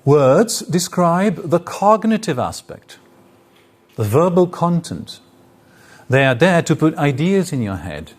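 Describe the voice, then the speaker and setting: Man giving a lively lecture. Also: a little high, slow. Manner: explains with spoken examples and varied intonation. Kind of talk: live lecture. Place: lecture hall.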